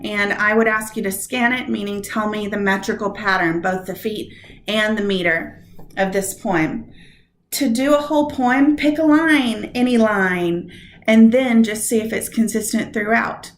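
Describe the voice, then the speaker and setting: A woman teacher giving a recorded lesson on poetry meter, walking through stress patterns slowly and step by step. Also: on the high side, reverberant.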